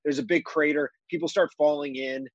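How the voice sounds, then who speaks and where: A man's voice: a little high, steady tone, a little fast, dry recording, lo-fi sound. A man co-hosting a casual podcast, jumping in animatedly to fill in plot details. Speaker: podcast co-host. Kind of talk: casual chat, plot recap.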